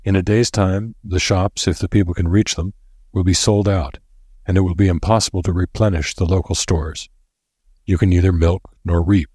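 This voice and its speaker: A man's voice: sits low, steady tone, darkish tone, breathy edge, no room sound, studio quality. A man doing a grim old professor. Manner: grave and deliberate.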